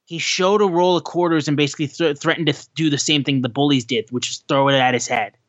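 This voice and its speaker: A man's voice: a little high, steady tone, fast talker, a bit bright, no room sound. Man, podcast co-host, sarcastic ranting, slightly raised voice, dull lo-fi sound. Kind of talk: casual wrestling podcast chat.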